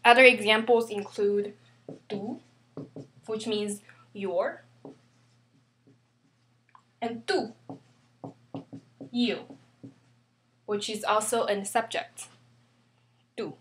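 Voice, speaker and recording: A woman teaching a grammar lesson, slowly and carefully spelling out each example. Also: mid-range voice, steady tone, fairly bright tone, breathy edge. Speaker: Spanish teacher.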